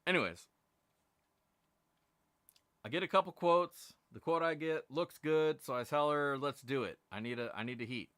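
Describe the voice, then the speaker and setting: A man's voice: fairly high pitch, normal speed, pauses often, a bit bright, clean tone, no room sound, studio quality. A middle-aged man hosting a live stream, telling a long, profane, exasperated story about being overcharged. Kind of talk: casual ranting live stream.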